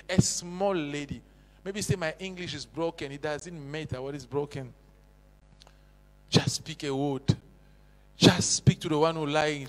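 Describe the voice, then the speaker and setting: A man preaching a sermon, with impassioned swings between loud exhortation and hushed intensity. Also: fairly high pitch. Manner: non-native English with broken grammar. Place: church hall. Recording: echoey church hall.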